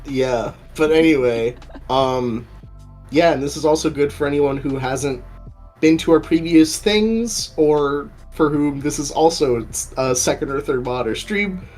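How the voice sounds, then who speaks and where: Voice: medium pitch, unhurried, a little mellow, soft background music. A co-host chatting casually on a stream, rambling and repeating words, with frequent swearing.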